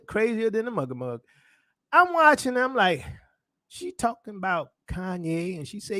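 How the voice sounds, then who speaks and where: A man's voice: high-pitched, big pitch swings, normal speed, no echo, studio quality. A man preaching in a casual sermon style, hammering points with repeated phrases and rhetorical questions. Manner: emphatic, repetitive rhetorical questions. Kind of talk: street-style sermon commentary.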